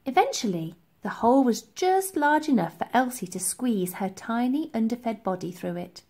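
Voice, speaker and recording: A woman reading a children's storybook aloud, telling it in an expressive, lively way. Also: fairly high pitch, breathy edge. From England. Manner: lively, expressive storytelling with slow deliberate pacing. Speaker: reader.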